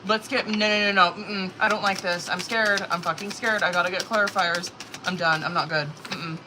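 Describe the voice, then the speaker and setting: Speaking at a moderate pace in a fairly low, steady voice, a woman reads tarot live, swearing and using filler words casually. She grows nervous as she pulls cards, and the background is noisy.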